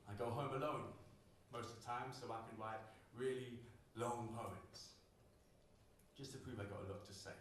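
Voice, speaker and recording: A man's voice: mid-range voice, fairly even intonation, moderate pace, a little hiss or hum. A young British man from the UK performing spoken word poetry at a live poetry night, rhythmic and dryly humorous. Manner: rhythmic, dry humor, shifting emphasis. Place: live poetry night, roomy indoor venue. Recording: very echoey room, mic far off.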